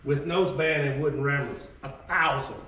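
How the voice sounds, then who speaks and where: A man's voice: medium pitch, steady tone, normal speed, fairly bright tone, slight background noise. A man giving an informal, emphatic history talk to a group as a reenactor, in a folksy, conversational manner. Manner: folksy, emphatic, drawling asides. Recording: echoey room, voice heard from a distance.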